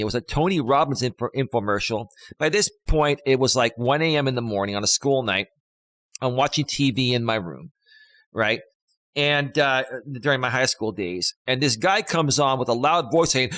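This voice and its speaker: A man's voice: mid-range voice, lively intonation, moderate pace, fairly bright tone, dry recording. Rambling middle-aged male life coach. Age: 50s. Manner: rambling, emphatic, with many fillers and restarts. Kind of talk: casual live-stream talk.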